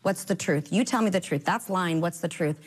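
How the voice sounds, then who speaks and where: A woman sharing her faith story in casual conversation, earnest and encouraging, acting out quoted dialogue with sudden jumps up in pitch. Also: fairly quick. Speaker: guest.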